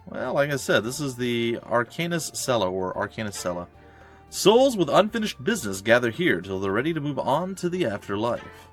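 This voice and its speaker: A chipper spirit guide welcomes a newcomer, read aloud by a man. The tone is lifted and breezy, with plenty of up-and-down movement in the pitch. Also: very animated, a little fast, few pauses, soft background music.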